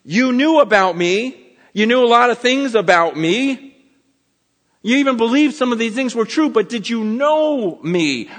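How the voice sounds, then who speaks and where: A man preaching a sermon, earnest and emphatic, often repeating words and restarting as he presses a point, swinging between soft and forceful delivery. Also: very high-pitched, in a large hall. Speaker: pastor.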